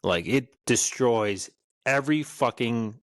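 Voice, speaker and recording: A man, co-hosting a podcast in casual chat, animated and swearing freely. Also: medium pitch, slow, dry recording, studio quality. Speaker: podcast co-host.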